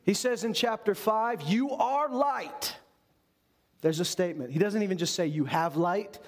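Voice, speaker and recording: High-voiced man preaching a sermon. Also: fairly quick. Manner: earnest preaching with rhetorical questions. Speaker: pastor.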